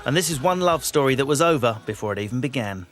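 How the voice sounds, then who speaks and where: A man's voice: medium pitch, animated, quick pace. A man giving cheeky, punning scripted narration. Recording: narration over loud music.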